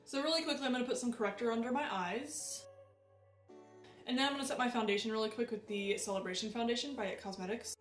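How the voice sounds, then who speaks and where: A woman's voice: a little high, quick pace. Girl chatting thru her makeup routine, sounds kinda far from the mic, echoey room, bit of music behind. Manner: chatty, animated, self-deprecating. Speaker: beauty vlogger. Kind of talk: casual makeup tutorial chat.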